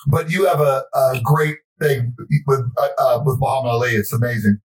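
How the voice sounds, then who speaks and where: A man's voice: mid-range voice, steady tone, moderate pace, far from the mic. A man hosting a casual chat, hesitant and often chuckling. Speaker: host.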